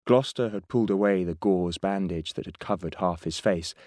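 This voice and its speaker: Male audiobook narrator, very deep voice, steady measured read, dry booth sound. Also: no echo.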